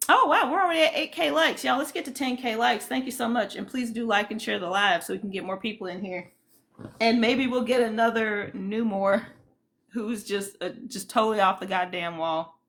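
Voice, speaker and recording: A woman's voice: on the high side, moderate pace, a bit bright. A woman hosting a casual livestream, chatting loosely and greeting viewers by name. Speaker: livestream host.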